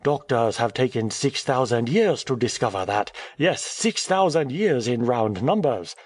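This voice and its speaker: A man reading an audiobook, voicing a cheerful, talkative male French journalist who speaks in a brisk, airy, teasing way. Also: mid-range voice, animated, no room sound. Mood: breezy.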